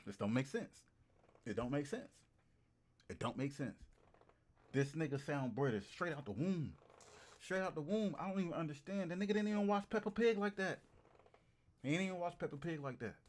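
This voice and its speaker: A man casually chatting to his livestream audience, animated and slangy, repeating phrases for emphasis. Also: fairly high pitch. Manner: slangy and profane. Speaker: streamer.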